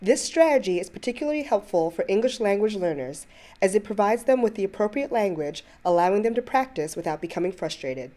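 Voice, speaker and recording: Woman narrator, mellow voice, calm and measured, scripted voice-over. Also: medium pitch.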